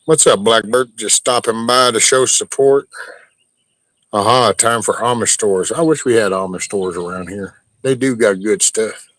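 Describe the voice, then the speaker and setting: A man's voice: fairly low pitch, measured pace, fairly bright tone, no room sound. A man hosting a livestream, ranting bluntly and profanely in a casual way. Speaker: livestream host.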